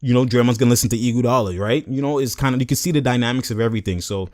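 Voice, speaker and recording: Fast-talking man breaking down a game clip. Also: medium pitch, dry recording, studio quality. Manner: animated slang-heavy breakdown, acting out players' lines. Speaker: sports commentary vlogger. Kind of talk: casual video commentary.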